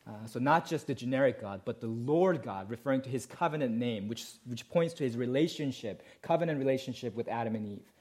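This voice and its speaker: A man's voice: medium pitch, animated, a little fast, few pauses, a little mellow. A male pastor preaching a sermon, explaining a passage emphatically and asking rhetorical questions.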